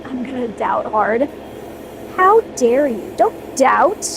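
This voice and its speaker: Chatty, high-voiced young woman streamer. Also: sing-song, slow pace, creaky, noisy background. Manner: upbeat, chatty, cheering herself on. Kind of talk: casual livestream chat while airbrushing miniatures.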